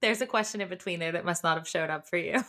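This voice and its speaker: Woman podcast co-host, low-ish voice, blunt, laughs easily, casual chat. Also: fast, a bit bright.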